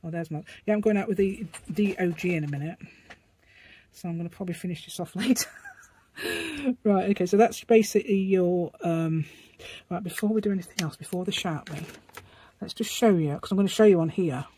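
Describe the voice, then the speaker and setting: A woman's voice: on the low side, brisk, warm tone, a little hiss or hum. A woman chatting casually as she demonstrates a craft, rambling as she works and making asides to her dog. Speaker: craft vlogger.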